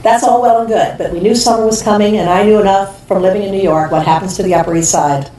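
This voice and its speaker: A woman who owns a restaurant, chatting as a podcast guest and telling her story in a lively way, often laughing and acting out what people said. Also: medium pitch, fast talker, recorded from a distance, slight background noise. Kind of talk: animated storytelling in casual chat. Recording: roomy echo, a bit off-mic, faint ambience.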